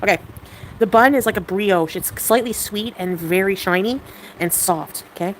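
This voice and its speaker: Excitable giggly woman livestreaming. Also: mid-range voice, slight background noise, rough recording. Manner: excitable, giggly, quick mood swings. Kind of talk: casual livestream chat.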